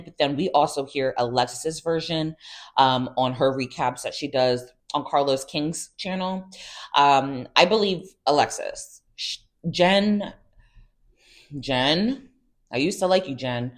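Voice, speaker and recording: A woman hosting a casual reality TV recap, chatty and sassy with exasperated asides. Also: very deep voice.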